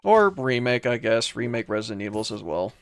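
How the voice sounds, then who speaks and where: A man's voice: medium pitch, big pitch swings, a little fast, smooth, no room sound, faint music behind. A young man streaming a horror game, chatting casually with his viewers in a loose, rambling way, full of fillers and restarts. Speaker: let's play streamer. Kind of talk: casual gameplay commentary reading chat.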